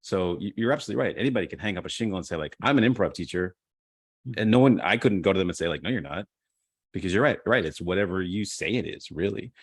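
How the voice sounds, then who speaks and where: Low-voiced man teaching improv. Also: rapid-fire, few pauses, husky, no echo, studio quality. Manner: animated storyteller, acts out quotes. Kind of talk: casual conversation. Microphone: video call.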